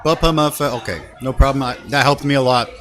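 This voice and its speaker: A man's voice: medium pitch, normal speed, music in the background. A man from Canada hosting a casual interview chat, telling stories and acting out quoted dialogue. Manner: animated storyteller, acts out quoted dialogue. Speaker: talk show host.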